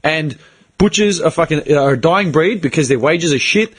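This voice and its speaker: A man's voice: a little high, animated, moderate pace, breathy edge. A man on a casual podcast, swearing bluntly and acting out both sides of an argument as he tells a story. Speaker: podcast co-host. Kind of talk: casual chat.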